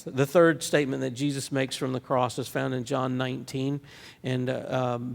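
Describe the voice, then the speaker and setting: A man's voice: mid-range voice, level tone, moderate pace, creaky, long reverb tail. A man preaching a sermon as pastor, in a conversational style with frequent restarts and fillers. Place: church sanctuary.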